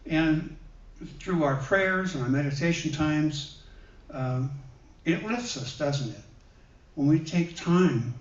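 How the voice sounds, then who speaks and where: Man preaching gently in an echoey hall. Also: on the high side. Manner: gentle, conversational, with many pauses and fillers. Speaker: guest minister. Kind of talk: sermon with personal stories. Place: church hall. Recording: roomy, dull sound from a distant mic.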